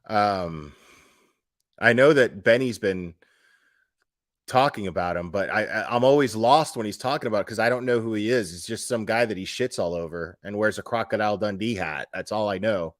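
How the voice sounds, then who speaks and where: A man with a fairly low voice hosts a loose true crime livestream from home. He rambles, swears and leans on sarcasm while reacting to chat. The sound is dry and close, with no room echo. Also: normal speed.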